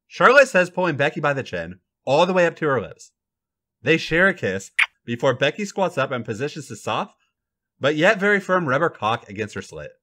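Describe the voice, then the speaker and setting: A man hosting a podcast, reading a fan fiction story aloud with an animated, dramatic delivery. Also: on the high side.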